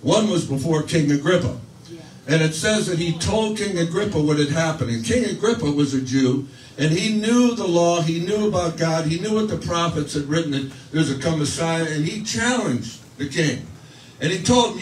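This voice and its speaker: A man's voice: a little high, animated, moderate pace, reverberant, far from the mic, a little hiss or hum, poor audio. A man preaching a sermon, telling a story in a conversational way with restarts and fillers, acting out quoted voices. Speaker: pastor.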